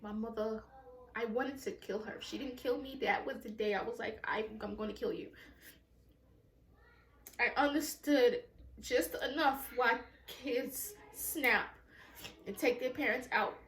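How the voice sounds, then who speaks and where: A woman's voice: on the high side, unhurried, a bit bright, roomy sound. A woman telling a personal story time at home, in a raw, emotional, profane way with many repetitions. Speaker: vlogger.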